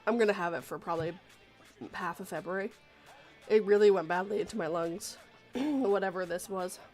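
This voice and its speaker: A woman's voice: mid-range voice, moderate pace, darkish tone, faint music behind. A woman hosting a casual livestream chat who has a cold and a cough. She is chatty and laughs easily. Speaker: stream host.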